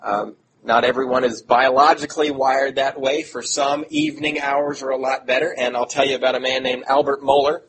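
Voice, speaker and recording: A man's voice: medium pitch, level tone, brisk. A middle-aged man preaching a sermon in an earnest, conversational way, with self-deprecating asides. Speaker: pastor. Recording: audible background noise.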